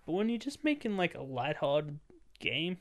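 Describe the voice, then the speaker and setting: A man's voice: fairly high pitch, very animated, normal speed. A young man co-hosting a podcast, talking loosely in casual chat and swearing often. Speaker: podcast co-host.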